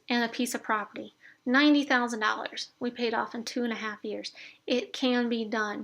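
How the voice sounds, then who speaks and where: A woman's voice: on the high side, fairly bright tone. A middle-aged woman explaining a debt payoff spreadsheet in a chatty, encouraging tutorial, with fillers and self-corrections. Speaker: instructor demonstrating a debt spreadsheet. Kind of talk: casual screen-share tutorial.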